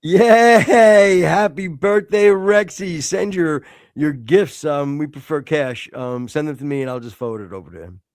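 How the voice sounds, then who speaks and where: A man's voice: mid-range voice, animated, normal speed, hardly any pauses, darkish tone, no echo, clean studio sound. A man in his fifties, co-hosting a podcast with crude, teasing banter and heavy swearing. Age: 50s. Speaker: podcast co-host.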